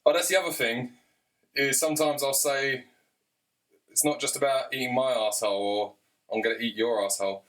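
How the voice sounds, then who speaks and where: Bright-voiced man, crude rambling. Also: mid-range voice, steady tone, brisk, long pauses, recorded from a distance. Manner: crude, chatty, keeps urging the listener on. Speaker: comedian. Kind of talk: rambling comic monologue.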